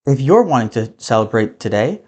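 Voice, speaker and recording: A man's voice: mid-range voice, brisk. A man hosting a comedy show, delivering a monologue of jokes about holidays. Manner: deadpan jokey delivery with put-on voices. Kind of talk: stand-up monologue.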